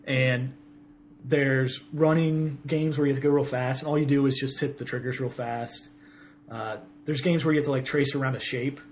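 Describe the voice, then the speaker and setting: A man's voice: medium pitch, fairly even intonation, normal speed, slight background noise. A man co-hosting a casual podcast, rambling through game reviews and correcting himself as he goes. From Ohio. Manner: rambling, self-correcting, laughs often. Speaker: podcast co-host.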